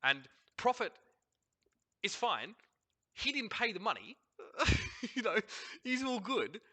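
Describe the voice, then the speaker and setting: Lively, bright-voiced Australian man. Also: high-pitched, takes it slowly. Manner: animated, blunt, swears freely, rants in long runs. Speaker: host reviewing a match broadcast. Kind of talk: casual commentary over a replay.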